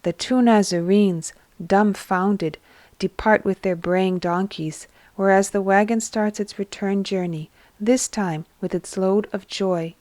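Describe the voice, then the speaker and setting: Woman reading a devotional story, slow n steady, mid pitch, dry close sound. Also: dry recording. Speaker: narrator. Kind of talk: scripted devotional narration.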